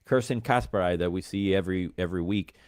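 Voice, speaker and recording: A man's voice: low voice, fast talker, darkish tone, no room sound, clean studio sound. An American man talking football as a guest pundit on a video call, enthusiastic and self-deprecating. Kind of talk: casual football chat.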